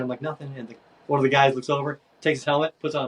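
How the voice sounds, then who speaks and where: A man as a podcast guest, telling a story in a casual, animated way and acting out other people's voices. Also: mid-range voice, quick pace. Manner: animated, acts out voices in his stories.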